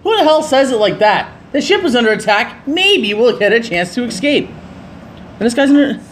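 High, lively young man gaming. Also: normal speed, a little hiss or hum. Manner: joking, playfully reads game lines aloud. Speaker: gaming channel host. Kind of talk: casual gameplay commentary.

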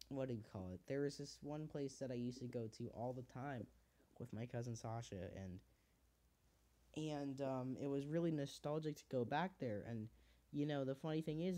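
Rambling teenage guy, mellow voice. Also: medium pitch. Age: teens. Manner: rambling, heartfelt, swears freely with many fillers. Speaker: podcast host. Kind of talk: casual chat.

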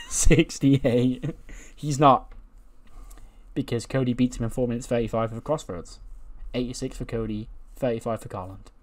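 A man's voice: medium pitch, fairly even intonation, quick pace, few pauses, warm tone. A young man hosting casual gaming commentary, rambling and chuckling as he recaps a wrestling booking sim. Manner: rambling, chuckling, self-correcting. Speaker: gaming video host.

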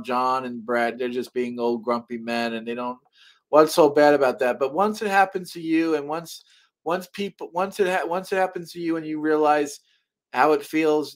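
A middle-aged man hosting a live stream in heated casual chat, rambling with many restarts and swearing when angry. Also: mid-range voice. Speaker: show host. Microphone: webcam mic on a live stream.

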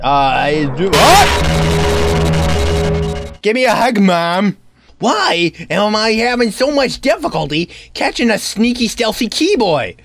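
Male let's-play host, unhurried and animated, silly banter with sudden yelps. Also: high voice, gravelly. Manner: excitable, talks to the game's keys and locks. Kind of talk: playing a horror maze game. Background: game music.

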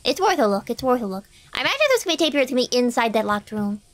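A woman streaming a driving game, chatting to herself in an excitable, talkative way as she plays. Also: a little high, very fast. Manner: chatty, excitable, talks to herself while playing. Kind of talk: live game commentary.

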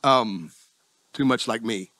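A middle-aged man with a Southern US accent preaching a sermon in a folksy, self-deprecating, conversational way with sudden jumps in pitch. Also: slow pace, pushed and bright, no echo. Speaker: pastor.

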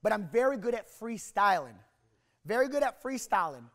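A young man from Canada speaks at a sales rally with a high voice. He tells his story with energy and rambling restarts, acting out the voices of the people in it. Long reverb from the hall trails after his words. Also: sing-song, normal speed, fairly bright tone. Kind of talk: motivational storytelling talk.

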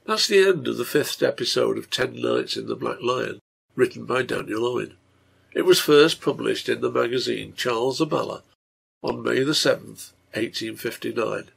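A man reading a serialized story aloud in a measured way. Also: medium pitch, creaky, husky. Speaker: reader and translator.

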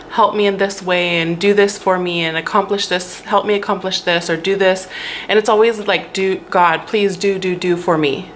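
A woman's voice: on the low side, fairly bright tone, a little hiss or hum. Chatty young woman vlogger. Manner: chatty, laughs often. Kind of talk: casual chat.

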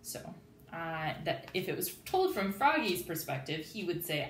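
Woman teacher, expressive slow read-aloud; lively pitch, room echo. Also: distant mic. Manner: slow, expressive reading with sound effects. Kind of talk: storybook read-aloud and lesson for children. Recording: echoey room with faint background noise.

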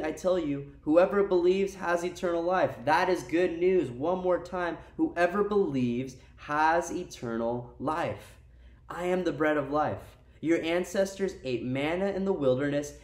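A man's voice: a little high, normal speed, hardly any pauses, a little mellow, distant mic. A young man, a youth pastor, preaching a sermon in a casual, conversational way with slangy asides. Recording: roomy sound from off-mic.

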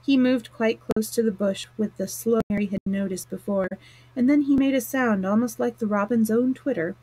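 A woman reading a classic novel aloud on a live stream, plain and steady with small slips and restarts. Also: a little high, moderate pace, no room sound, rough recording. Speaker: storyteller. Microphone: close mic, live stream.

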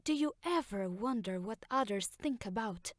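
A woman's voice: mid-range voice, lively intonation, no echo, natural voice. A woman actor playing a reproachful woman's voice of blame in an experimental theater monologue. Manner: measured and reproachful. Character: slow, brooding woman voice of blame. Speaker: stage actor.

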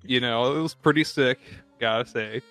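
A man co-hosting a casual movie-review podcast, wry and quick to laugh, swearing casually. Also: medium pitch, a bit bright, no echo, faint music behind. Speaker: podcast co-host. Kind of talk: casual movie-review chat over beer.

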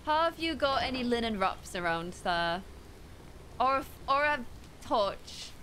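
Hoarse, excitable woman game streamer. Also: on the high side, unhurried, slight background noise. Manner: chatty, excitable, talks to herself while playing. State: losing her voice, hoarse. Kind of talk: casual gameplay chat with viewers.

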